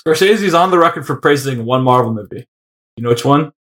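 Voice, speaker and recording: A man's voice: mid-range voice, lively intonation, brisk, fairly bright tone. A man co-hosting a casual podcast chat, joking around and laughing often. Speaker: podcast co-host.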